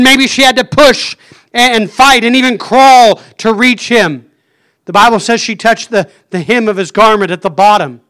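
A man's voice: extremely high pitch, pushed and bright, smooth. A man preaching a fervent sermon, stopping often to say "Amen.". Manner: fervent, punctuates phrases with "Amen".

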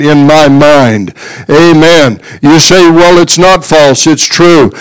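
A man's voice: a little high, takes it slowly, smooth, rough recording. A man preaching a sermon to his congregation, telling a story and then exhorting with frequent amens. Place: church.

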